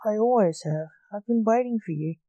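A woman voicing an old male timekeeper, calm and knowing, who speaks in a matter-of-fact way in a storybook. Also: medium pitch, normal speed, dry recording, dull audio, close to an everyday voice.

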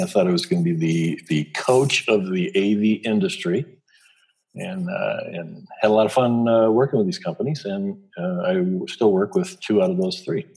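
This is a man who works as an executive coach, speaking as a guest on an interview. His voice sits very low and has a husky grain. He talks hesitantly, with frequent fillers and restarts. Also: a little mellow. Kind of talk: conversational interview.

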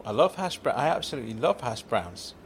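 A man's voice: medium pitch, sing-song, fairly quick, vocal fry, slightly rough. A man in an audio sitcom, talking in a rambling, apologetic, stammering way. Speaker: comic performer.

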